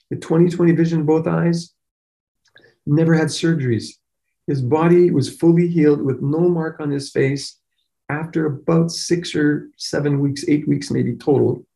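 A man's voice: fairly high pitch, vocal fry, dark tone. A middle-aged man, a chiropractor, telling an emotional personal story in an earnest way, often repeating words as he goes. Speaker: chiropractor guest.

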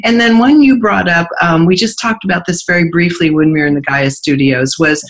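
A woman's voice: on the low side, fairly quick. A woman hosting an interview, chatting casually and swapping stories and fun examples with her guest. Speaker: host.

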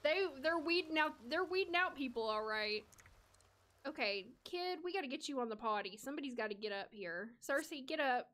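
A woman's voice: sits high, lively intonation, fairly quick, a bit bright. A woman from the United States streaming a life-sim game, chatting casually with viewers and talking to the characters.

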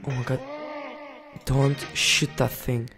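A young man giving excitable casual commentary while playing a game, reading its text aloud and yelling at enemies. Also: mid-range voice, slow, music in the background. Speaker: gaming YouTuber.

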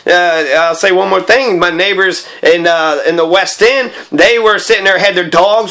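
A man's voice: high voice, fairly even intonation, normal speed, few pauses, bright, forceful tone. A man in an angry, profane, rambling personal monologue.

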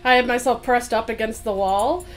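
Female streamer-host, somewhat high voice, chatty anecdotal delivery with casual swearing. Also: moderate pace. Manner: animated storytelling, casual swearing.

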